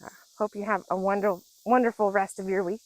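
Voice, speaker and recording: A woman's voice: mid-range voice, steady tone, a little fast, no room sound, low-quality recording. A woman in her forties telling casual stories while out on a walk, chatty and laughing often. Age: 40s. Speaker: vlogger. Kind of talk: casual storytelling. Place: outdoors on a nature walk.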